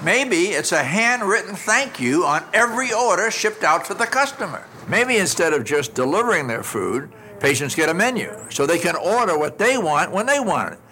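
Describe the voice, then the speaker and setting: An older man giving a lively customer service talk, telling stories and acting out the dialogue with shifting voices. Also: sits high, normal speed, hardly any pauses, slight background noise. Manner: animated storyteller, acts out dialogue with shifting voices. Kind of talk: storytelling keynote talk.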